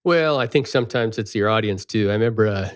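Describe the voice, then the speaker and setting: A man's voice: lowish voice, quick pace, no echo, clean studio sound. A man co-hosting a podcast, speaking earnestly and hesitantly with frequent restarts in casual conversation. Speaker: podcast co-host.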